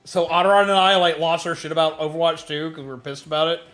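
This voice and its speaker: A man's voice: on the high side, fast talker, soft background music. A man streaming a game, chatting casually and yelping at the action. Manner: excitable, yelps at game action. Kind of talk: casual gaming stream chat.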